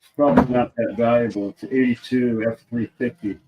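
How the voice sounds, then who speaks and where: A middle-aged man hosting a livestream, talking in a soft-spoken, laid-back way. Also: medium pitch, steady tone, brisk, highs cut off, background noise. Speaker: livestream host. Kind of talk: casual chat.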